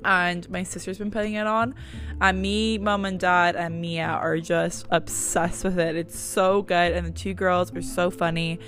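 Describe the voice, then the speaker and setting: A woman's voice: lowish voice, little pitch movement, unhurried, a bit bright, soft background music. A young woman, hosting a podcast in a rambling, chatty way, swearing casually as she talks from home. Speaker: podcast host. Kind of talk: casual chat.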